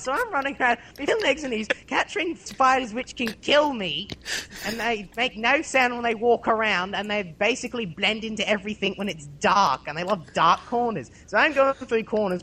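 A woman with an Australian accent chats casually on a podcast. Her voice is bright and sharp, and her pitch swings about lively. She talks bluntly, swears freely and tells her stories with energy. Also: slight background noise. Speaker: co-host.

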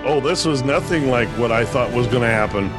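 A man co-hosting a casual podcast, reacting with animated emphasis. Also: medium pitch, brisk, over music. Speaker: podcast co-host.

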